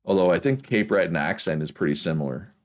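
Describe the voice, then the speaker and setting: A man's voice: low voice, lively intonation, fast talker. A man from Prince Edward Island with a strong Canadian East Coast accent, chatting casually and rambling with frequent laughs while playing a game. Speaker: gaming streamer.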